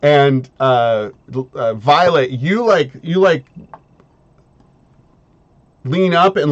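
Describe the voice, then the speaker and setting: A man narrating as game master of a tabletop game, talking in halting bits with many fillers and restarts. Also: on the high side, dull audio.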